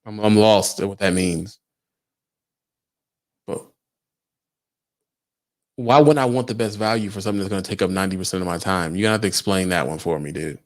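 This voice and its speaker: A man's voice: low-pitched, a little fast, pauses often. A young adult man, a truck driver, talking casually on a livestream, firing emphatic rhetorical questions at his viewers.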